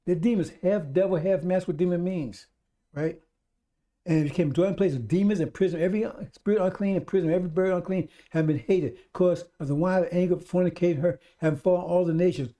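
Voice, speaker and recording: A man delivers a live-streamed radio sermon, speaking to his listeners as brothers and sisters. His voice sits a touch high but stays dark and warm. He hammers each point over and over in an emphatic, insistent preaching manner. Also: steady tone, quick pace.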